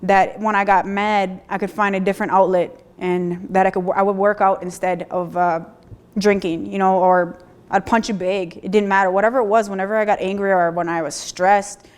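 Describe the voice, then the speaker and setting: A woman in her thirties telling her own story of recovery, speaking candidly with halting restarts and repeated phrases. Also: medium pitch, little pitch movement, smooth. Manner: plainspoken, occasional mild swearing. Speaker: person sharing a recovery story. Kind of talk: personal testimony, candid and conversational.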